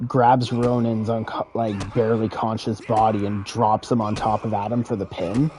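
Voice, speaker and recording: A man's voice: lowish voice, level tone, normal speed, warm tone, slight background noise. A man casually retelling a wrestling game storyline, rambling and profane, with chuckles. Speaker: gaming creator.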